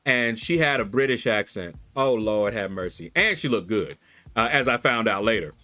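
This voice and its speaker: A man from Kentucky hosting a relaxed livestream chat, telling animated stories with laughs and playful voices into a desk microphone. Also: mid-range voice, normal speed. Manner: animated storyteller, laughs, squeals in mock voices. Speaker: livestream host. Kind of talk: casual chat with viewers. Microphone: desk USB microphone. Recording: faint background music.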